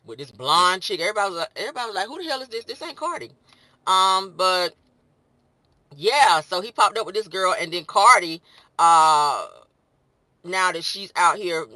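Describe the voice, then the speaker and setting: A man hosting a casual gossip commentary show, sassy and animated, slipping into mock voices to act out the stories. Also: fairly high pitch, no room sound. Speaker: host.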